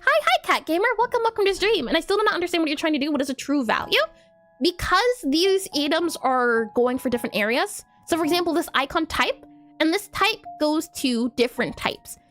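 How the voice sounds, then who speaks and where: A woman's voice: high-pitched, animated, brisk, fairly bright tone, faint music behind. A woman live-streaming her game coding, thinking aloud as she types, spelling words out and answering her chat in a casual, chatty way.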